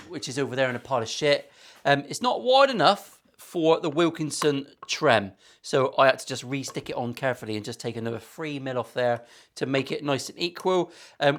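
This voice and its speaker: A middle-aged man, a guitar maker hosting his own workshop video, talking in sweary, self-mocking, rambling banter. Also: on the high side. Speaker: luthier and channel host. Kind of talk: casual workshop vlog banter.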